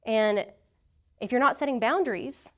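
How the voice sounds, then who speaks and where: A woman with a fairly high voice leads a class on healing. She talks straight to her listeners, earnest and direct, and weaves in her own stories as she teaches. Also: moderate pace. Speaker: class leader speaking to a group. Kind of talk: heartfelt teaching talk.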